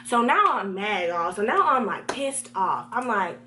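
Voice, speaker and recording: A young woman telling a storytime vlog, animated and talking straight to her viewers. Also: mid-range voice, unhurried, few pauses, a little hiss or hum. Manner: animated, talks to viewers directly.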